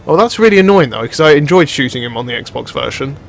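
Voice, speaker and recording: A man's voice: fairly high pitch, quick pace, vocal fry. A man giving live gameplay commentary, exclaiming and swearing at what happens on screen. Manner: excitable, exclaiming and swearing at the game. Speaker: video game commentator.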